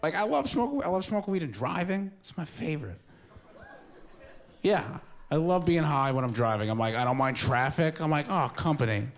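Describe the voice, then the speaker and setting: A man doing a stand-up comedy set, joking in a lively, laid-back way, played back as a clip. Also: a little high, normal speed.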